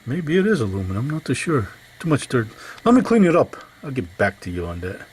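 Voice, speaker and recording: A man's voice: medium pitch, huge pitch swings, brisk, a little hiss or hum. An older man chatting folksily to viewers as he works on an engine in his home workshop, rambling from one thought to the next. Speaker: home mechanic vlogger. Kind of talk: casual workshop vlog.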